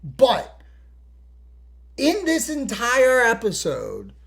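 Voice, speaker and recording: A man's voice: very high-pitched, extremely slow, gravelly. A man hosting a podcast, recapping a TV episode in casual, profane talk and acting out scenes. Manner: animated, profane, acts out scenes. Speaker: podcast host.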